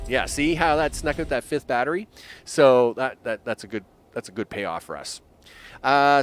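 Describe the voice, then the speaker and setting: A young man giving live gameplay commentary, rambling, jokey and talking to himself with chuckling asides. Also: mid-range voice. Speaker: game streamer.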